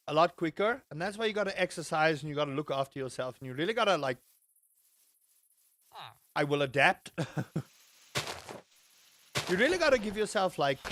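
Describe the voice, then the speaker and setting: A livestream host with a fairly high, fairly bright voice chats casually, reading out and answering chat messages with playful jokes and mock outrage. The recording is dry.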